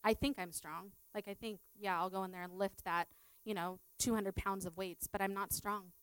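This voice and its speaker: A woman's voice: mid-range voice, fairly even intonation, moderate pace, a bit bright, smooth, no room sound, poor audio. A middle-aged woman, a teacher, sharing a personal testimony in a chatty way full of fillers. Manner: chatty, filler-heavy storytelling.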